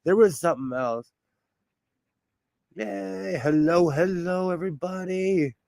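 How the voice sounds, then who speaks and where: Southern Californian man, chatty livestream host, slightly high voice, dry close sound. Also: slow, gravelly, darkish tone, no echo. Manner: chatty, laughs often, talks back to chat. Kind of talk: casual livestream chat. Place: home sewing room.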